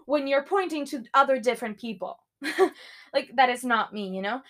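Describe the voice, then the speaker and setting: A young woman hosting a casual solo podcast, ranting loudly with swearing and sudden screams while tidying her room. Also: high-pitched, moderate pace. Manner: swearing, loud outbursts and screaming. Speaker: podcast host.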